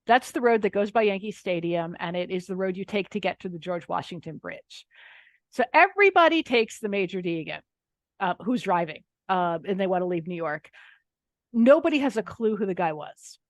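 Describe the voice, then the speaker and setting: A middle-aged woman from Pennsylvania, a nonfiction author, telling anecdotes in a lively, wry way. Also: medium pitch, moderate pace, no room sound. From Pennsylvania, USA. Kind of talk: casual interview storytelling.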